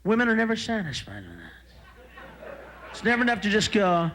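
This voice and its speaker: A man's voice: sits high, huge pitch swings, brisk, fairly bright tone. A man performing an explosive stand-up comedy routine, bursting into screams.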